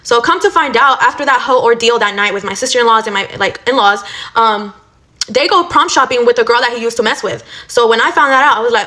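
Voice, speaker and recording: A woman's voice: a little high, quick pace, bright, forceful tone. A young woman telling a casual storytime rant, blunt and profane, full of fillers like "like" and "you know". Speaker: storytime vlogger.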